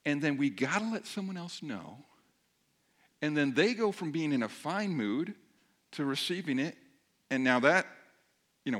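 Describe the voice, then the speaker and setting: Lively middle-aged preacher telling a story. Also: male voice, mid-range voice. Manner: animated, self-mocking, joking with the congregation. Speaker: pastor. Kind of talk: storytelling sermon.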